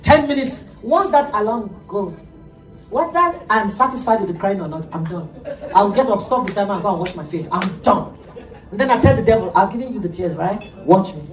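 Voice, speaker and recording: A middle-aged woman pastor preaching an animated sermon, laughing often as she tells stories. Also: mid-range voice, moderate pace, soft background music. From Nigeria. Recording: echoey room, heard from a distance.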